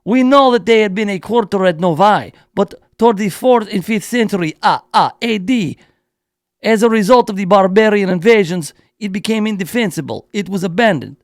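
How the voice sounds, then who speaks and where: Radio guy doing a solemn archaeologist dude in a slow goofy mock accent sliding toward jamaican, a bit low and soft, dry studio sound. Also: dry recording. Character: solemn male archaeologist with a put-on foreign accent.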